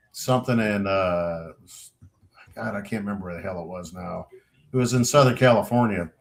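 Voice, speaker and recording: A middle-aged man telling service stories in a casual podcast chat, rambling and swearing freely as he acts out what others said. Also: medium pitch. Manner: animated storyteller who swears freely and acts out what people said; rambling, with frequent restarts and "you know". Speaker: podcast crew member.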